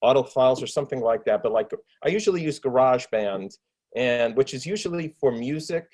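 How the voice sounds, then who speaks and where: A man's voice: medium pitch, lively intonation, brisk, darkish tone, rough recording. Guy on a home mic gushing in an interview, lots of likes and ums. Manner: enthusiastic, rambling, lots of fillers. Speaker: actor and filmmaker. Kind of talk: casual video interview. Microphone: desktop USB microphone with pop shield.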